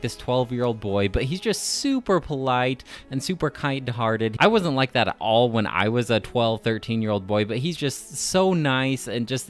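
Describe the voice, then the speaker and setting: A young man giving a casual, enthusiastic spoken review of a video game, with lots of filler words. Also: medium pitch.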